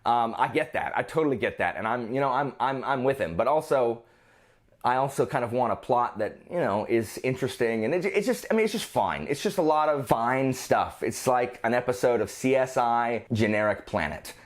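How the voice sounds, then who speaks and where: A man's voice: medium pitch, expressive, moderate pace. A man reviewing books in a casual vlog, rambling and often restarting his sentences. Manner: rambling, self-interrupting, frequent restarts. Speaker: book reviewer.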